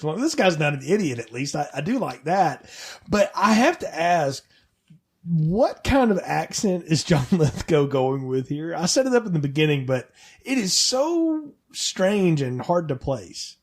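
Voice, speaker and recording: Animated man co-hosting a film podcast. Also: on the high side, unhurried, husky. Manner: animated, jokey, acts out characters' lines. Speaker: podcast co-host. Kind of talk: casual film-review chat.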